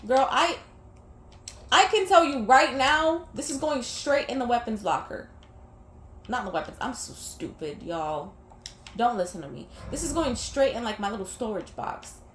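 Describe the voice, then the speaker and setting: A woman's voice: fairly high pitch, lively intonation, moderate pace, fairly bright tone. A young woman talking casually over gameplay, venting candidly and rambling, swearing freely. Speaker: gaming vlogger. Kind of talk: casual gameplay chat mixed with personal venting. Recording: echoey room with faint background noise.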